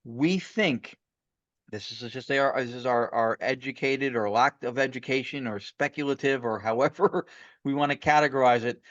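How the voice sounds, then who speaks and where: Man, podcast guest, mid-pitch, eager rambling storyteller, muffled lo-fi sound. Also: normal speed, a bit bright, dry recording. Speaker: guest paranormal investigator. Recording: muffled lo-fi audio.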